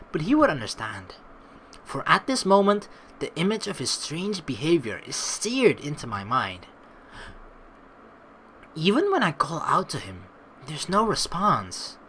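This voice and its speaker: A woman reading a visual novel aloud in an expressive way, adding her own asides. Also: low-pitched, a little hiss or hum. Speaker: game player reading aloud.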